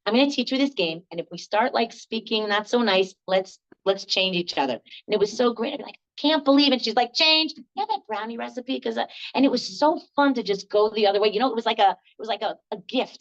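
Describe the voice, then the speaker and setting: An older woman leading a laughter workshop, telling lively stories, laughing often and acting out the voices of the people in them. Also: medium pitch, lo-fi sound. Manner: animated, laughs often, acts out quoted voices. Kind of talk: storytelling workshop talk.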